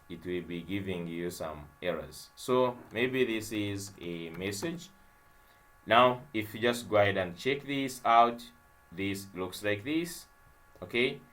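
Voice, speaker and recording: Slow, low-voiced man teaching code. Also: a bit bright, slight background noise. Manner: thinks aloud while typing code, many fillers and repeated phrases. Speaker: web development tutor. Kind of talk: screen-share coding tutorial.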